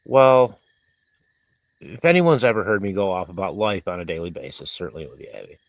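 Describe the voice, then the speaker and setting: A man's voice: deep voice, lively intonation, brisk, dry recording. A man hosting a livestream, rambling in casual chat and reading viewers' comments aloud, congested and coughing. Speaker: livestream host.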